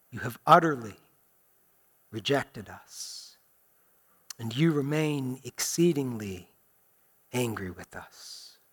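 A man preaching a sermon as pastor, earnest and deliberate, dropping to soft low phrases. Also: husky.

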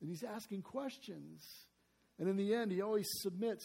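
A man's voice: high voice, normal speed, creaky, dark tone, slightly rough. A male preacher delivering a sermon, earnest, asking the congregation rhetorical questions and reading scripture aloud with emphasis.

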